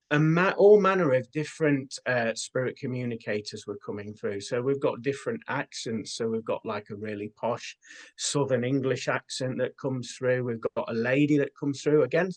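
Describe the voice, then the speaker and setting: An earnest man of ordinary pitch, talking as a guest in an interview. He tells his experiences at an unhurried pace, with plenty of ums and uhs. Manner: earnest, unhurried storytelling with fillers. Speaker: guest, spiritual medium. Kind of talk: casual interview talk.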